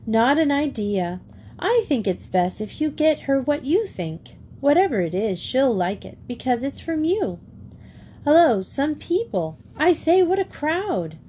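A woman's voice: sits high, big pitch swings, a little slow, dark tone, a little hiss or hum, voice pushed up. A woman voicing an irrepressible English schoolgirl, breezy and forthright. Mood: chirpy.

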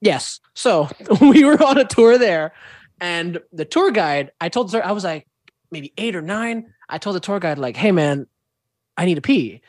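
A young man from Indonesia, a performing arts student, chatting as a podcast guest and telling lively stories with a playful streak. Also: sits high, a little slow, dry recording, studio quality. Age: young adult. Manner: enthusiastic storyteller, slips into playful character voices. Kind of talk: casual podcast interview.

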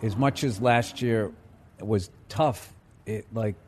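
A man's voice: on the low side, slow pace, a little mellow, a little hiss or hum. A middle-aged man with a Boston accent, a guest comedian chatting on a podcast, rambling through stories and swearing freely. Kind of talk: casual podcast chat.

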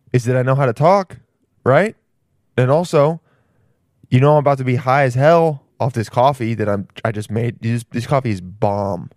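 A man's voice: medium pitch, a little mellow, dry recording, studio quality. A man hosting his own podcast, rambling casually in slang and calling the listener "dude". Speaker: podcast host. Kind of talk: casual solo podcast monologue.

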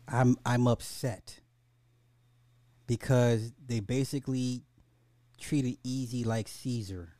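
Animated, slangy man podcasting. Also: medium pitch, no echo. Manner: animated, swearing, slangy, many restarts. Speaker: podcast host. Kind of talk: casual chat.

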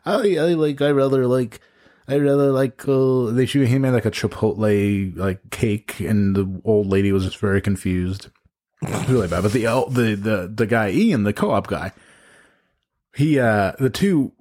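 A man co-hosting a podcast, telling crude, excitable stories in casual comedic chat. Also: on the low side, husky. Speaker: podcast co-host.

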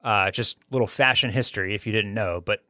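A podcast host with a fairly low voice, slightly fast and pushed-bright, chats casually about a film he's reviewing. Enthusiastic and talkative, he often restarts his sentences, and the audio is studio quality with no echo.

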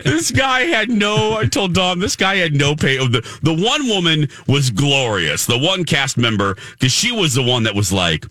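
A man hosting a casual morning radio show, telling an animated story and acting out the voices of the people in it. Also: a little high, normal speed, hardly any pauses, no room sound, clean studio sound. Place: radio studio. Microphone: studio microphone.

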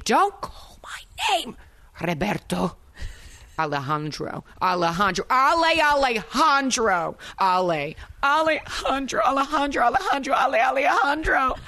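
A woman's voice: mid-range voice, sharp tone, no echo, full character voice. A woman putting on a melodramatic Italian American woman with a put-on New Jersey accent, pleading with her lover in an improvised dramatic reading. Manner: over-the-top dramatic recitation, swooping between whispers and cries.

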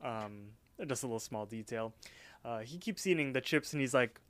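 A man's voice: mid-range voice, normal speed, fairly bright tone. A man co-hosting a podcast, retelling an episode in rambling casual chat with lots of fillers. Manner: rambling, filler-heavy narration. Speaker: podcast co-host.

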